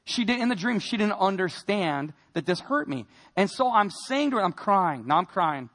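Speaking in a noticeably high voice, a man from Wisconsin gives an emotional testimony sermon about his own life. He tells it earnestly and expressively at a moderate pace, swinging between hushed, heavy moments and hard-pushed emphasis.

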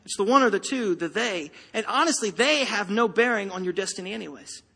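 A man's voice: high voice, expressive, fairly quick, sharp tone, husky. A man preaching a sermon to a congregation, emphatic and rousing, speaking straight to the listeners. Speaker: pastor. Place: church sanctuary. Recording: long reverb of a large hall.

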